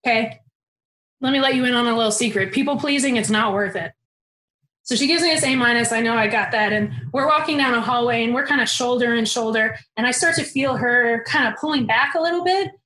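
Young adult woman storyteller, animated and candid; high voice, reverberant space. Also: brisk. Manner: animated, candid, swears casually. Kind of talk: personal storytelling. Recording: roomy echo.

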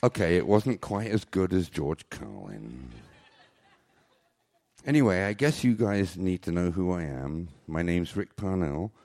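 A man's voice: low voice, sing-song, a little slow, a little mellow. An older man telling rambling, jokey, self-mocking stories on stage at a live venue. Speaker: storyteller.

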